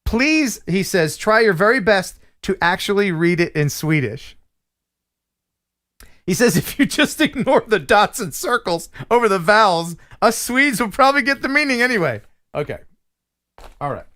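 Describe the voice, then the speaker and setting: A man's voice: high-pitched, sing-song, normal speed, bright, forceful tone. A man hosting a live stream in a casual, jokey way, reading viewer mail aloud and laughing at himself. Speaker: host.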